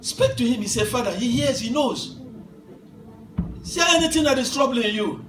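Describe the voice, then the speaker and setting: A man in his fifties preaching a sermon as pastor, swinging from soft asides to shouted declarations and laughing through his stories. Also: very high-pitched, animated, normal speed, background noise. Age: 50s. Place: church hall. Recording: echoey church hall from far off, with music.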